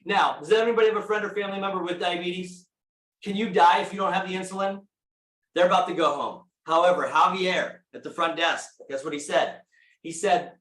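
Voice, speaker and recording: Energetic man giving a motivational talk. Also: sits high, a little fast. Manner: energetic, storytelling, asks the room questions. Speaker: speaker at a real estate meeting. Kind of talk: motivational talk to a live audience. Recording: echoey room.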